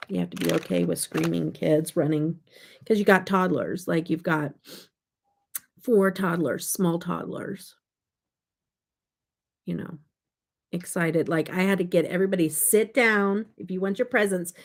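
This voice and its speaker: An older woman with a gravelly, slightly low voice, chatting casually on her makeup vlog. She rambles through family stories and answers chat comments as she works. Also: a little mellow. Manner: chatty, storytelling, reads live chat aloud. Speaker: makeup vlogger.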